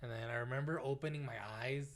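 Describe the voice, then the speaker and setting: This young podcast co-host talks fast in a mid-range voice while telling a story in casual conversation. Expect animated delivery, free swearing, and quotes he acts out.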